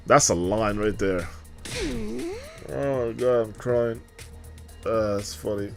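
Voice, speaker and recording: A man commentating on a game in a loose, profane, excitable way, laughing often. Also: lowish voice, slow, long pauses, faint music behind. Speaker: streamer.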